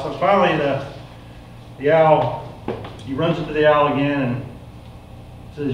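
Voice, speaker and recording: Folksy preacher in an echoey hall. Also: male voice, on the high side, moderate pace, long pauses, muffled recording, slight background noise. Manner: folksy, animated storyteller. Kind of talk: sermon storytelling. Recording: echoey room, mic far off.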